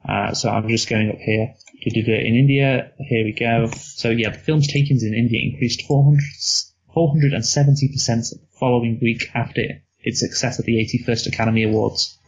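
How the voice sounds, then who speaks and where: A man co-hosting a movie review podcast in casual chat, relaxed and rambling. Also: mid-range voice, fairly quick, slightly rough. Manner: relaxed, rambling, laughs at own slips. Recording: dull lo-fi recording.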